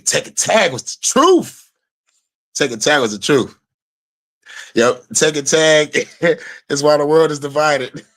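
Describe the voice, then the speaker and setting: A man in his thirties hosting a podcast, telling stories in a casual, profane and excited way and laughing often. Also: a little high. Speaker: podcast host. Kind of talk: casual chat.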